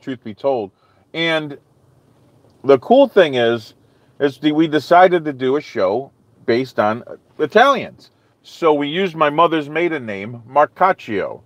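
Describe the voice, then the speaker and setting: A man's voice: mid-range voice, no room sound, lo-fi sound. A man hosting a live stream, chatting casually with viewers in a rambling way full of "okay?" and "you know".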